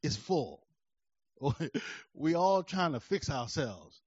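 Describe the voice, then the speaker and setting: A man preaching a sermon, swinging from quiet asides to shouted emphasis in a rhythmic cadence, laughing between points. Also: a little high, sing-song, slow pace, breathy edge, no room sound, lo-fi sound.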